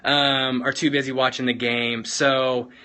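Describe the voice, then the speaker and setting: Earnest young man, bright voice. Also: mid-range voice, little pitch movement, a little slow, smooth. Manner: earnest, retells film scenes, many fillers like "man". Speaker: host of a weekly talk. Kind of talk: casual motivational talk.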